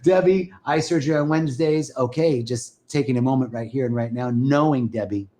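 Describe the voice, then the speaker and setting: A man's voice: medium pitch, brisk, warm tone. A man hosting a spiritual live stream, talking casually and enthusiastically to viewers and greeting them by name.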